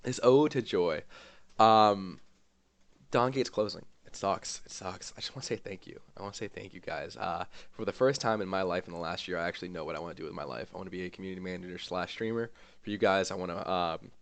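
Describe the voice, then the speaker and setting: A man streamer giving an emotional, rambling farewell to his gaming community, with lots of fillers and pauses. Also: sits low, no echo. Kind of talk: heartfelt farewell vlog.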